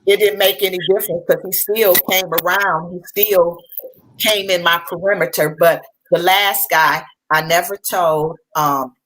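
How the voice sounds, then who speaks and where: A woman's voice: on the low side, fairly even intonation, measured pace, fairly bright tone, rough recording. A middle-aged woman recounting a personal story as a panel guest, earnest and conversational. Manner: earnest, conversational, with restarts and colloquial speech.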